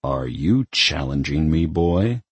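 A smug, menacing devil king who growls and hisses his words, as a man voices him in a storybook reading. The voice is very deep and husky, dry and close. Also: lively intonation, slow pace, no room sound, exaggerated voice.

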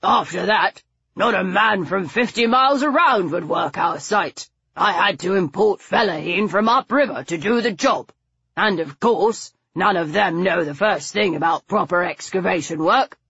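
A woman's voice: mid-range voice, moderate pace, a bit bright, husky, no echo, highs cut off, pitched above the performer's own voice. A woman reading the part of an irritable older English aristocrat man who talks bluntly and grumbles. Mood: bitter.

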